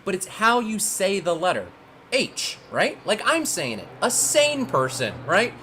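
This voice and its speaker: A man in his thirties doing a stand-up comedy set over a video call, telling stories with big acted-out shouts. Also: high-pitched, unhurried, slight background noise. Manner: animated storytelling with loud acted-out shouts.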